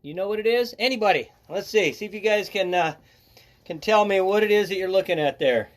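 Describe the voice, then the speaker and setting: High-voiced older man, chatty and joking. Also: a little fast. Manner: chatty, joking, greets viewers by name. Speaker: nature educator hosting a live stream. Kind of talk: casual live-stream chat.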